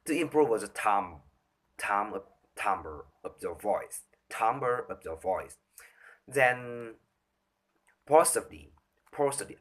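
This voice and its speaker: A man reciting a speech from memory, halting and restarting often as he stumbles over words. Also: medium pitch, sharp tone. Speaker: speaker rehearsing a talk on voice.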